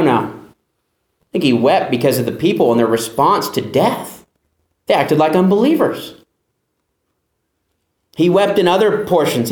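Male pastor, sermon, emphatic rhetorical questions, high voice, roomy echo. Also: darkish tone.

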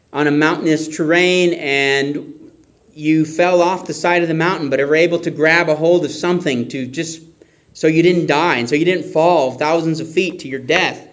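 A man preaching a sermon, expressive, acting out shouts and whispers. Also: fairly high pitch.

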